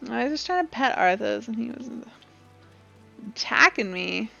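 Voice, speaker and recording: A woman's voice: on the high side, big pitch swings, normal speed, gravelly, sharp tone, faint music behind. A young woman streaming a game, chatty and playful, talking to her cat, recorded on a desk mic with dull lo-fi audio. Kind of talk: casual game stream chat.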